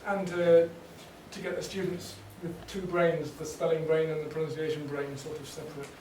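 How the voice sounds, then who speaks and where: A man leading a teacher workshop, explaining teaching ideas in a relaxed way with fillers and restarts. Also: fairly high pitch, normal speed, a little hiss or hum. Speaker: workshop trainer. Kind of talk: teacher training talk. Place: workshop room. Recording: echoey room, distant mic.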